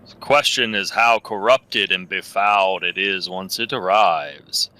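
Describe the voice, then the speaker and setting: A man voicing a grim male cleric who argues doctrine in a slow, solemn, dramatic way. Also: low voice, pushed and bright, clear, resonant tone, no echo, poor audio.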